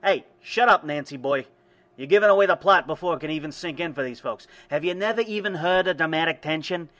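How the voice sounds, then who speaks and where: A man's voice: a little high, a little fast, fairly bright tone, muffled recording, lightly acted. A man playing a pushy male huckster in a comedy sketch ad, with brash salesman patter. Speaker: fake ad pitchman.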